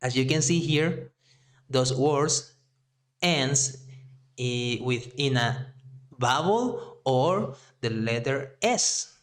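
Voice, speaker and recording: A man with a Mexican Spanish accent teaching Spanish in English, speaking slowly and deliberately and drawing out example words. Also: mid-range voice, expressive. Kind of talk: language lesson.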